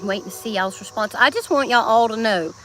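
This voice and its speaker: Over soft background music, a livestreamer from Georgia with a Southern accent chats casually outdoors through her phone, laughing frequently and slipping into song snippets. Her voice is a little high, brisk and fairly bright.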